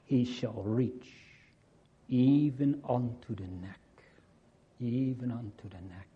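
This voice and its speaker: Male preacher, earnest sermon delivery, drawn-out pace, rough breathy tone, muffled lo-fi capture. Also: mid-range voice. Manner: slow, earnest preaching with repeated phrases.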